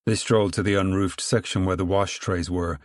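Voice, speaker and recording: A man's voice: low voice, fairly even intonation, brisk, dry recording, studio quality. Man reading a novel aloud. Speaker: audiobook reader. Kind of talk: scripted narration.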